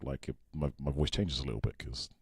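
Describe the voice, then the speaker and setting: A man, chatting casually as a podcast host, animated and quick with asides. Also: a bass voice, slightly rough, no echo, studio quality. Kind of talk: casual chat.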